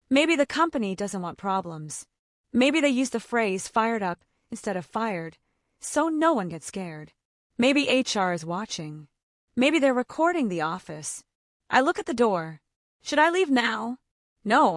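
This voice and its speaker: Clear, lively woman narrating a learner story. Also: a little high, no echo, studio quality. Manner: simple short sentences, slow clear delivery. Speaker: narrator of a graded reader story. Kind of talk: scripted first-person story narration for English learners.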